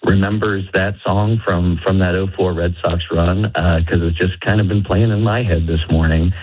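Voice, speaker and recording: A man's voice: sits low, fairly even intonation, normal speed, breathy edge. A man calling in to a radio show, rambling and hesitant as he tells his story. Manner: meandering, hesitant with fillers. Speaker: caller. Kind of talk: rambling phone-in call. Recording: tinny phone line.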